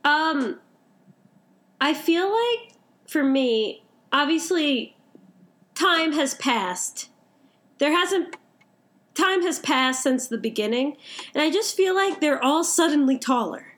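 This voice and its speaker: A woman's voice: high voice, expressive, slow pace, pauses often, a bit bright. A young woman co-hosting a casual anime chat, gushing and filling her talk with "like". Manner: gushing, heavy use of "like". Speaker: podcast co-host.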